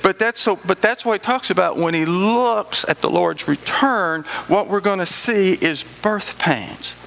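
A man preaching a sermon in a homespun, joking way, hammering key phrases again and again. His voice sits a little high and has a gravelly edge. Faint hiss runs under the recording. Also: a little slow, a bit bright, low-quality recording. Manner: folksy, joking asides, repeats key phrases. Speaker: pastor.

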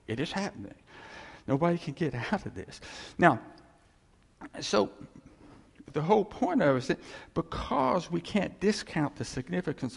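Animated, gravelly-voiced male preacher. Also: a little high, long reverb tail. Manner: animated preaching, conversational asides. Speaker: pastor. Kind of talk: sermon.

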